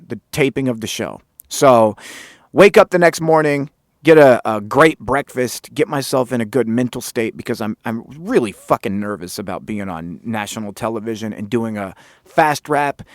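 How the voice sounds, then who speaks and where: A man spinning a long story as the host of a podcast, talking loosely and animatedly, full of swearing and sarcastic asides. His voice sits at an ordinary male pitch and is recorded close and dry, with no room around it. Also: dry recording. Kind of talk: casual storytelling monologue.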